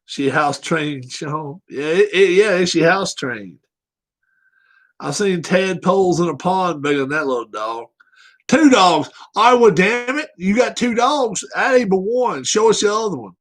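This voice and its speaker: A man's voice: sits high, animated, unhurried. A man hosting a casual livestream, blunt, joking and profane. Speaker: livestream host.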